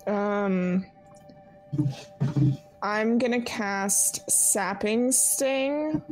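Slow, halting woman player. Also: mid-range voice, soft background music. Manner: halting, filler-heavy. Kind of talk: casual tabletop game play.

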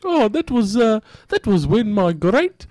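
A man putting on a chirpy high caller, Colin. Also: big pitch swings, a little slow, darkish tone, dry recording, clean studio sound. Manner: high, bouncy, earnest. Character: eager male radio caller Colin, chirpy. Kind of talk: comedy radio sketch.

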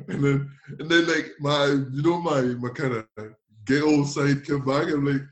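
A man from France with a French accent, a guest telling animated anecdotes in a casual interview, acting out quotes and laughing often. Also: on the high side, measured pace. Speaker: guest, former footballer.

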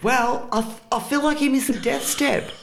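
A woman's voice: sits high, moderate pace, gravelly. A woman, co-hosting a podcast with teasing, dry quips and casual swearing. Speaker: podcast co-host. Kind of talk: casual chat.

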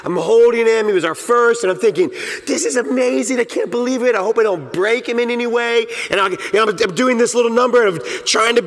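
A man preaching a sermon as pastor, slow and emphatic, repeating his key phrases. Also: very high-pitched, big-room sound. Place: church sanctuary.

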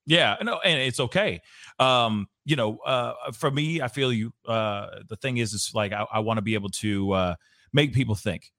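A man's voice: mid-range voice, normal speed, bright, forceful tone, no echo, studio quality. A man hosting a casual interview show, laid-back and slangy, joking as he corrects himself. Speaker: podcast host. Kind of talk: casual chat.

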